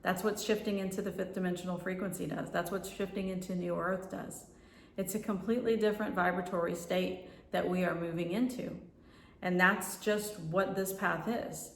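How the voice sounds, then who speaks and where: A woman's voice: lowish voice, fairly even intonation, moderate pace, vocal fry, slight background noise. Woman coach speaking from far off. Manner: flowing, repetitive, tags lines with "right?". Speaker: spiritual life coach. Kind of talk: spiritual teaching monologue. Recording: roomy, from far off the mic.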